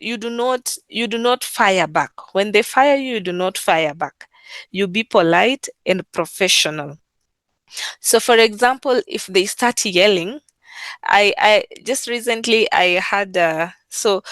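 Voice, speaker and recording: Woman, client service worker, casual talk, slow pace, repeats herself, dry recording. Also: medium pitch, fairly bright tone, no room sound. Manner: unhurried, repeats phrases, many fillers. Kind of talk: casual talk on work practice.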